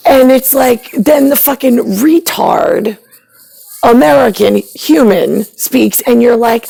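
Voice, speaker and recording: A woman's voice: on the high side, expressive, measured pace, creaky, a little mellow, breathy edge. A mother ranting sarcastically and profanely about her family, mimicking them as she goes. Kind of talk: rambling rant to camera.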